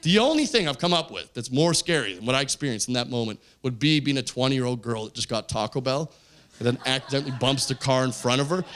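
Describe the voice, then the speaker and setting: A man in his forties from Canada, performing stand-up on stage, telling stories animatedly and jumping into loud, high character voices. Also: lively intonation, fast. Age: 40s. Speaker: stand-up comedian. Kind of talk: stand-up storytelling. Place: stage of a comedy show.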